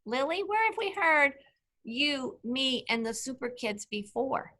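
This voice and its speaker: A woman teacher leading an online reading lesson, patient and clear, asking the children questions. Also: high voice, big pitch swings, unhurried, bright, forceful tone.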